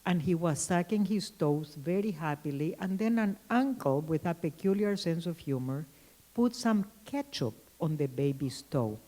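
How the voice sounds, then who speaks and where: A woman giving a conference keynote lecture, telling anecdotes in a thoughtful way with frequent pauses and restarts. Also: sits low, animated, mellow, rough recording. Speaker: keynote speaker.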